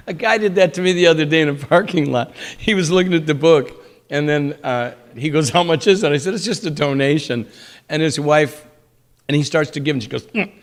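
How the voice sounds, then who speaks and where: An older man speaks in an informal sermon, moving quickly from one anecdote to the next. His voice sits a little high for a man, and he slips into the voices of the people in his stories. It is conversational preaching rather than a formal address. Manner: animated storytelling, acts out quoted people. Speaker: speaker at a temple class.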